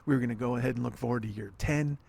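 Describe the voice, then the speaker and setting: A man's voice: mid-range voice, rapid-fire, vocal fry, darkish tone, no echo. A man hosting a solo podcast outdoors by an apartment pool, frustrated and swearing as he rambles. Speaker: podcast host. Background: wind and planes overhead.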